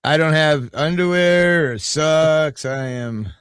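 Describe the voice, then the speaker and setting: An older man hosts a loose livestream chat, drifting from story to story and cursing without a second thought. His voice sits a little high for a man, and the sound is close and dry, with no room around it. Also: slow, a bit bright, smooth, no echo. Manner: rambling storyteller, swears freely. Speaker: livestream host.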